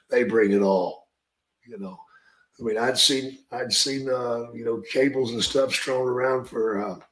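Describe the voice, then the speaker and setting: A man's voice: medium pitch, fairly bright tone. A man spins a casual story in a loose, drawling way. He swears freely and peppers his talk with "man" and "brother". His voice carries a noticeable echo from the room. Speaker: podcast host and retired wrestler telling stories.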